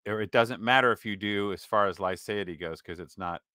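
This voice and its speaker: Bright, crisp-voiced man arguing back. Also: on the low side, no room sound, clean studio sound. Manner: argumentative, interjecting, pausing and rebutting. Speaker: commentator reacting to a clip. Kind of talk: casual commentary.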